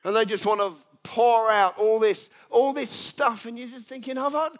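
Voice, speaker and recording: Guy preaching, high voice, jokey sermon, acts out people in little voices. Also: moderate pace. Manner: animated storytelling, acts out everyday characters. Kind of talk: humorous sermon.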